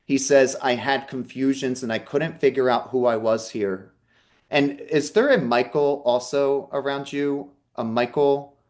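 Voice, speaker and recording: A psychic medium with a medium-pitched, steady, slightly mellow voice speaks unhurriedly in an online talk. Over a video call, he earnestly relays messages and reassures the listener during a live reading.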